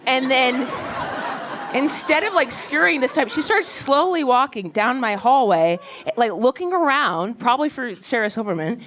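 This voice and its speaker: A woman stand-up comedian telling a story in a wry, quick, self-deprecating way, on a club stage with a handheld mic. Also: on the high side, expressive, a bit bright. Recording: live club recording with crowd noise. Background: audience laughter.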